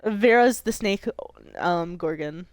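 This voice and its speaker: A woman's voice: lowish voice, lively intonation, slow, no echo. A woman streamer chatting casually and eagerly explaining a game's rules to her co-player. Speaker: streamer running the game. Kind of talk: casual gaming chat.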